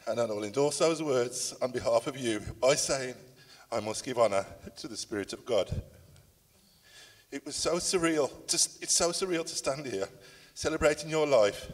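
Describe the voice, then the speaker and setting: A man's voice: mid-range voice, moderate pace. A man in his sixties reading a eulogy for his father, emotional and struggling to get through it. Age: 60s. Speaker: son giving a tribute. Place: church.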